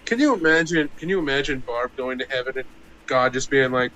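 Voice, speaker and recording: A man's voice: medium pitch, a little fast, sharp tone, a little hiss or hum, poor audio. A man chatting on a stream, riffing and joking around. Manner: riffing, jokey, drops into silly voices. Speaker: co-host guest. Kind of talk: casual joking chat.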